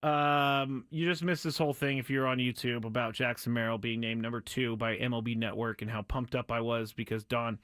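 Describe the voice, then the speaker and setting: A man hosting a casual sports talk show, excitable and rambling, apologizing and joking with his audience. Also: medium pitch, brisk, hardly any pauses, clear, resonant tone, dry recording. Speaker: podcast host.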